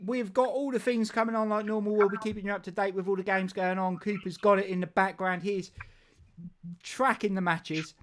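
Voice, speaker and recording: A man's voice: sits high, steady tone, brisk, fairly bright tone. A man hosting a casual football live stream, rambling and jokey with frequent restarts. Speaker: football show host.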